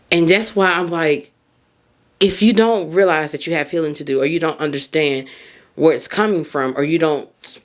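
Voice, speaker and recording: A woman hosting a podcast, giving a casual motivational monologue in an emphatic, colloquial way, talking straight to the listener. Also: low voice. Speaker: podcast host and mindset coach.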